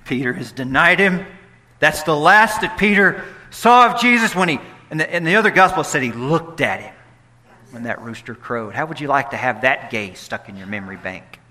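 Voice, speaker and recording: This pastor speaks at a medium pitch and moderate pace as he delivers his sermon. His lines shift from soft and hushed to loud and animated, with playful remarks aimed at the congregation.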